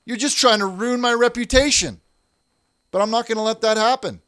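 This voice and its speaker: A man's voice: extremely high pitch, brisk, a bit bright, clean tone, dry recording, clean studio sound. A man hosting a comic call-in show, self-righteous and defensive as he lectures his callers.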